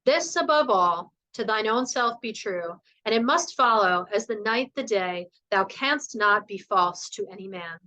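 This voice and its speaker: A woman voicing a calm older nanny who answers slowly and evenly, reciting lines of poetry. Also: mid-range voice, rough recording. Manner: slow, measured, unruffled.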